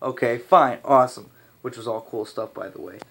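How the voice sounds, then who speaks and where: A young man rambling casually through a movie review, ranting a little and restarting his sentences, his voice slightly hoarse. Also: medium pitch, moderate pace, a bit bright.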